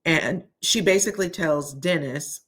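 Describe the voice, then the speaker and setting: A woman's voice: low voice, a little slow, fairly bright tone. A woman recapping a reality TV episode in a chatty, opinionated way, talking straight to her viewers. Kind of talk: casual recap vlog.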